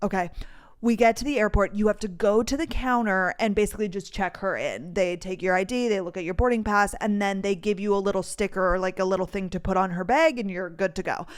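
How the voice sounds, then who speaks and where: A woman's voice: medium pitch, brisk, clear, resonant tone. A young woman in her twenties hosting a podcast, telling a story in a casual, chatty way with many fillers. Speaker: podcast host.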